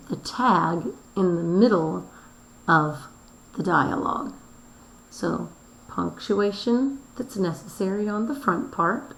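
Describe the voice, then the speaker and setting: Slow, gravelly woman teacher in an echoey room. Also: lowish voice. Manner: slow, deliberate explanation, spelling words letter by letter. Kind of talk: recorded classroom review lesson. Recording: roomy echo.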